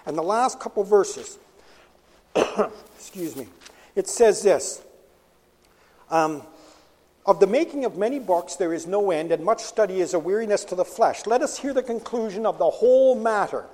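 A man preaching a sermon with emphatic delivery, rising to shouts and dropping to a hush. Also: high voice, moderate pace, pauses often. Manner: animated, emphatic, drops to a hush on quiet phrases. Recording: long hall reverb.

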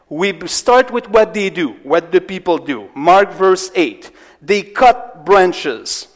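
Preacher man in a reverberant hall. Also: fairly high pitch. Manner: questions the congregation directly, swings from loud to hushed. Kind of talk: expository sermon.

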